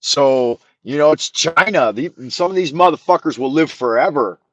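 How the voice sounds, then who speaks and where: A man's voice: on the high side, expressive, moderate pace, a bit bright, dry recording, highs cut off. Rambling, profane man telling a story. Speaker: show host. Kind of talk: casual storytelling.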